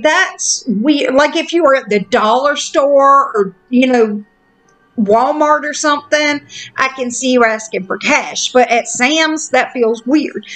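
A woman telling a story in a casual, frank, animated chat, with lots of fillers. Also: sits high.

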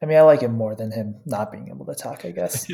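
A co-host in a casual anime discussion, talking in a relaxed, laid-back way and laughing softly. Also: mid-range voice, fast, creaky. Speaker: podcast co-host.

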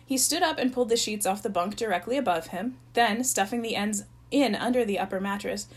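A woman reading a novel aloud, narrating in an even storytelling voice. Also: mid-range voice, a little fast, rough recording. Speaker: reader.

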